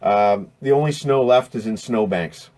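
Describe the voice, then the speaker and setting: A man's voice: fairly low pitch, measured pace, darkish tone. A man hosting a live stream from indoors, chatting casually and joking while he answers viewer questions. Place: indoors next to a window.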